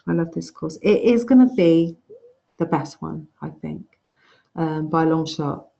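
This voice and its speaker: Woman course teacher, frank casual lecturer, dark warm tone, lo-fi call sound. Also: sits low, measured pace, creaky. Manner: chatty, frank, restarts phrases. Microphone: video call. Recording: dull lo-fi video call audio.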